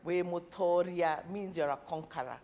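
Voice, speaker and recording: A woman's voice: fairly low pitch, normal speed. A woman, coaching a summit session in a conference room and getting the audience to repeat words after her. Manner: animated, calls on the audience to repeat words, counts attendees. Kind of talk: lively live event hosting.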